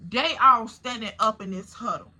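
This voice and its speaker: A woman telling a story to her viewers in a casual, animated way, swearing freely and speaking straight to them. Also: on the high side, normal speed.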